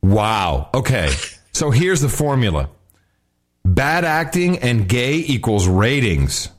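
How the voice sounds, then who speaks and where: A man's voice: medium pitch, very animated, slow. A middle-aged man co-hosting a podcast, chatting casually, teasing and telling stories with frequent laughs. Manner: teasing, storytelling, laughs often. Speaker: podcast co-host. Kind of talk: casual chat.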